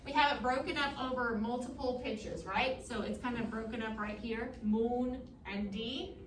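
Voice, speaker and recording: A woman choir teacher with a high voice gives brisk, encouraging instructions and sings bits of the music to show how it goes. She sounds a good way off from the mic, and her voice rings around a reverberant rehearsal room. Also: a little hiss or hum. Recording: echoey room, mic far off.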